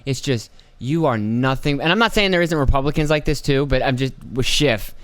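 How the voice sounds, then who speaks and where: A man's voice: mid-range voice, fairly quick, fairly bright tone, no room sound. A middle-aged man hosting a podcast, ranting about politics in a profane, sarcastic way and mocking people with put-on voices. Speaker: podcast host. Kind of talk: rambling political rant.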